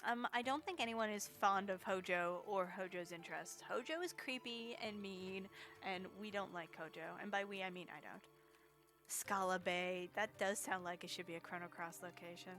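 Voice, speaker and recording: A woman's voice: medium pitch, normal speed, a bit bright, soft background music. A woman streamer giving chatty, casual commentary as she plays a game for a charity marathon, reacting to chat and laughing often.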